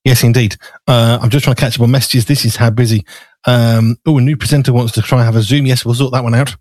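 A fast-talking man with a medium, steady, darkish voice hosts a live chat show in a small studio. Slightly out of breath, he rambles with fillers as he eats, and there's no room sound.

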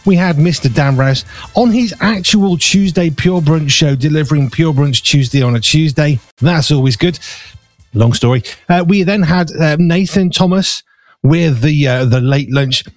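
A man's voice: a little high, no room sound. Breathless, chatty male radio host. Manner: chatty, relaxed, a little breathless. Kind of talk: casual radio link.

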